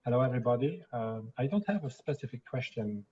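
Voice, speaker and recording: A man with a French accent on a video call, speaking briefly and calmly. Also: mid-range voice, fast, lo-fi sound, a little hiss or hum. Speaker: group participant.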